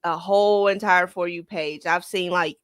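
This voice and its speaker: A young woman from Memphis, Tennessee with a Memphis accent, chatting casually and soft-spoken on a radio show. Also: on the low side, fairly even intonation, normal speed, no room sound, clean studio sound. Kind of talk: casual chat.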